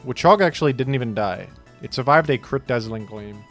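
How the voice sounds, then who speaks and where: Guy streaming a game, medium pitch, rambly self-mocking chat, quiet music behind. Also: lively intonation, brisk. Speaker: gaming streamer. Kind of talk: casual commentary while playing. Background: faint background music.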